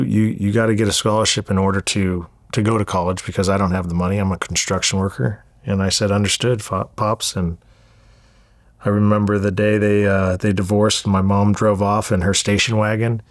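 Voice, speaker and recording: A man from Southern California recounts his past as an interview guest, cursing freely and stumbling over repeated words. His voice sits on the low side, heard close and dry with no room sound around it. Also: no echo. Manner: candid, profane, repeats words as he goes. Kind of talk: storytelling interview.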